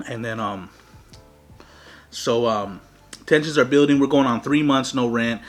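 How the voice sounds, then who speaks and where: A man's voice: medium pitch, measured pace, faint music behind. A young man hosting an eating show, telling a story casually and animatedly with lots of slang and swearing. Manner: profane, slangy, animated retelling. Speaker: mukbang host.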